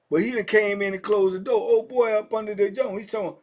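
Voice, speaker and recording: A middle-aged man telling a prison story in a casual, animated way, full of slang and talking straight to his listeners. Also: sits high, fast talker, hardly any pauses.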